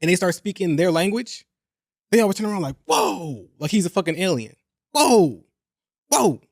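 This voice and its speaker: A young man hosting a podcast, talking in a casual, animated and profane way, repeating points for emphasis. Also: high-pitched, fast, no room sound, studio quality. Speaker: podcast host. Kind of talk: casual chat.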